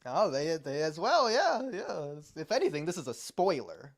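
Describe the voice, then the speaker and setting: Male co-host, animated delivery, loose rambling chat over a call. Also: on the high side, normal speed, noisy background. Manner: rambling, laughs often, restarts. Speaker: podcast co-host. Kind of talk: casual reaction stream chat. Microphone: remote call mic.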